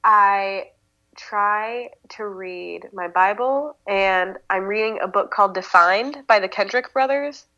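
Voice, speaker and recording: A woman's voice: mid-range voice, takes it slowly, bright, forceful tone. A young woman from the American Midwest, chatting as a podcast guest in a bubbly, talkative way. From Midwest United States. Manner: bubbly, chatty, with fillers and laughs. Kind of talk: casual interview chat. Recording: slightly dull lo-fi audio.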